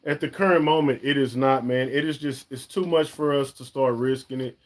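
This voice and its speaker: A man's voice: mid-range voice, steady tone, fairly quick. Man hosting a live chat, emphatic and chatty, everyday mid-range voice. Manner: chatty, emphatic, calls viewers "y'all" and "man". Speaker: fishing channel host. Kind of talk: casual live-stream chat.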